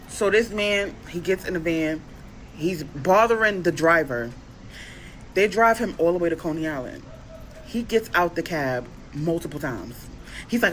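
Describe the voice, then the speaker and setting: A woman telling a dating story, animated, acting out both sides of the conversation. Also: lowish voice, moderate pace, a little hiss or hum. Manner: animated, quoting others in exaggerated voices. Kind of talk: storytime vlog.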